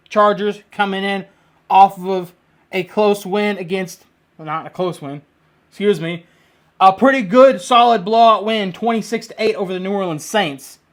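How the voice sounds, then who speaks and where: A man giving his weekly football picks in a casual monologue. He talks bluntly and excitably, with jokes and the odd loud burst. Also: high-pitched. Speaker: sports picks vlogger.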